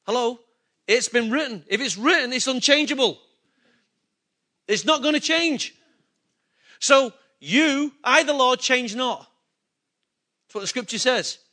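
A man's voice: extremely high pitch, animated, unhurried, long pauses, bright, forceful tone. A man preaching a sermon, emphatic and repetitive, asking the congregation rhetorical questions. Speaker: pastor.

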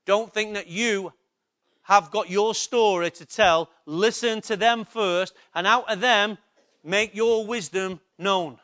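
Male preacher, high voice, emphatic sermon delivery, repeats lines, quizzes the congregation. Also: takes it slowly, sharp tone. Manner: emphatic, repetitive, asks the congregation questions. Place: church.

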